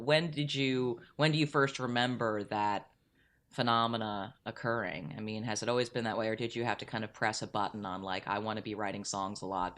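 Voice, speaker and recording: A woman's voice: extremely low pitch, a bit bright. A woman interviewer asking long, curious, winding questions in a casual conversation.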